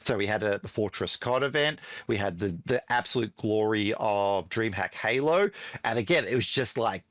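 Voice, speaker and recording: Animated, fired-up man. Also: on the low side, normal speed, no echo. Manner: animated, profane, fired-up storytelling. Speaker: podcast guest, esports team CEO. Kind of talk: casual podcast chat.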